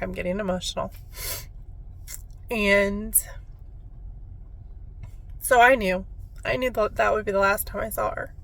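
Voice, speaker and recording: A woman's voice: fairly low pitch, gravelly, fairly bright tone. A woman who works as a spiritual medium, telling a personal story in a heartfelt, reflective way on her vlog.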